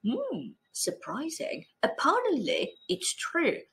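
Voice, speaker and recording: A middle-aged woman teaching an English exam-prep lesson, expressive and playful with animated exclamations. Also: high voice, takes it slowly, gravelly, slight background noise, low-quality recording. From Spain.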